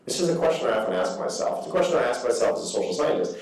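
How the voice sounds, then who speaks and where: A man in his fifties giving a public lecture, telling stories with lively asides and mock voices. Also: medium pitch, rapid-fire. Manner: animated storytelling with asides. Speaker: guest speaker. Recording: echoey hall from far off.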